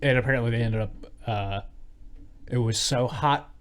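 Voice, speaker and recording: A man co-hosting a casual movie podcast, retelling scenes with excitement and mimicking lines in raised voices. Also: medium pitch, moderate pace. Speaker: podcast co-host.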